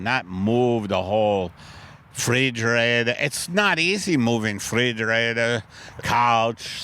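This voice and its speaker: A man's voice: mid-range voice, fairly bright tone. A man hosting a comedy podcast, rambling in a self-mocking improvised bit. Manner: rambling, self-mocking, shifts into put-on voices.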